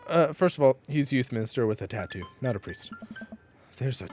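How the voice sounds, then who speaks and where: A man's voice: mid-range voice, animated, brisk, darkish tone, soft background music. Joking man streaming a game. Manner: joking asides, reads game messages aloud. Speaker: streamer playing a dating game. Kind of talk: casual let's-play commentary.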